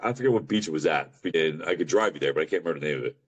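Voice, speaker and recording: A middle-aged man from Pennsylvania, a podcast guest telling a rambling story, with a deep voice and casual slang. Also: slightly rough. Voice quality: deep voice often remarked on. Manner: rambling, fast, says bro and dude.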